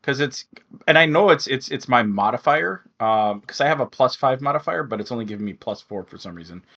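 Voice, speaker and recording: A man's voice: medium pitch, lively intonation, fairly quick, fairly bright tone. A man playing in an online tabletop game, puzzling over his character's numbers. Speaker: player. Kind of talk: casual tabletop game play. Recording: lo-fi online call audio.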